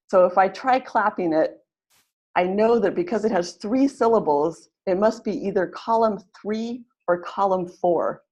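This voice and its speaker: Speaking at a medium pitch with a slightly mellow quality, a woman hosts an online pronunciation webinar as its teacher. She encourages participants warmly, often repeats her phrases, and leads them through drills and clapping exercises.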